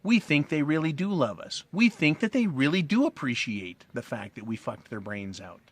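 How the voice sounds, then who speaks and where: A man's voice: fairly high pitch, very animated, normal speed, husky. A middle-aged man giving a crude, blunt, rambling monologue, smoking a cigar and asking "right?" again and again. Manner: smoking a cigar while talking. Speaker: commentary channel host. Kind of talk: casual monologue, talking to the camera.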